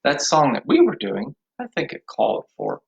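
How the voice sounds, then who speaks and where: A man teaching an online music lesson to young children, speaking gently and encouragingly. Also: a little high, huge pitch swings, normal speed, gravelly, husky. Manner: gentle, encouraging, sings simple songs with kids. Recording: roomy, slightly dull home video audio.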